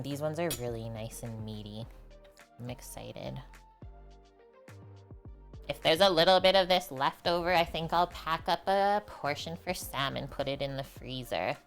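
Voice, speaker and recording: A young woman hosting a casual cooking livestream, chatting with viewers while she preps food in her home kitchen. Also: sits low. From half French. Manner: chatty, reads and answers chat while cooking.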